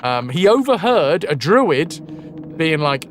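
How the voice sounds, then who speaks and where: A man's voice: medium pitch, moderate pace, slight background noise. A man streaming a game and casually retelling a legend, rambling, swearing and correcting himself as he goes. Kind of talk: casual storytelling while gaming.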